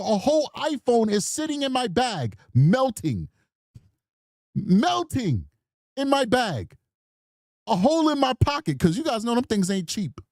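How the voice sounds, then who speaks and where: A man in his forties with a high-pitched voice gives rambling, slangy reaction commentary on a true crime case, telling it in an animated way. The recording is studio quality with no room sound.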